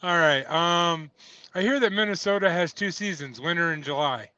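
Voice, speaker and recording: A man's voice: a little high, moderate pace, pushed and bright, dry recording. A man hosting a casual livestream, chatty, reading viewer comments and laughing often. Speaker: host of a trucking livestream. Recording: dull lo-fi dry audio.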